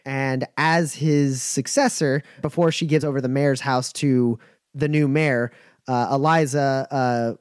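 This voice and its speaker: A man narrating a tabletop game as game master, relaxed and laughing, with many fillers. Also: mid-range voice, unhurried, clear, resonant tone, dry recording, studio quality.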